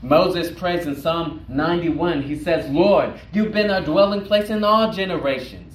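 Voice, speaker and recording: A man preaching a sermon as pastor, slow and emphatic, repeating words for weight. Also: on the high side. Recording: roomy echo, distant mic, faint noise.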